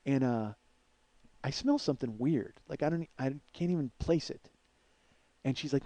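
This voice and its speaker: A man's voice: medium pitch, moderate pace, long pauses, mellow, dry recording, dull audio. A man in his forties, host of a comedy podcast, telling a long story aloud with a rambling, profane delivery full of filler words. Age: 40s.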